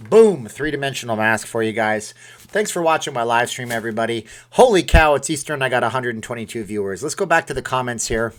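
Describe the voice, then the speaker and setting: A man's voice: medium pitch, lively intonation, fairly quick. A man hosting a casual live stream from home, rambling and joking with viewers while talking into a desk microphone in front of a webcam. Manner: chatty, jokey, rambling asides to viewers.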